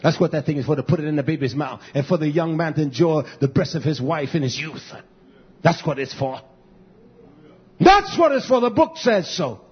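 Blunt fiery male preacher, husky voice. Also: steady tone, quick pace, muffled recording. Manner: blunt, repetitive, swings between shouting and low muttering. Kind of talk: fiery sermon.

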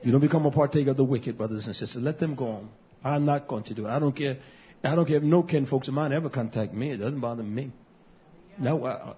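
A man preaching a sermon as pastor, impassioned and swinging between loud and hushed passages. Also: mid-range voice, animated, brisk, slightly rough. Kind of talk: sermon to a live stream. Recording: dull lo-fi recording.

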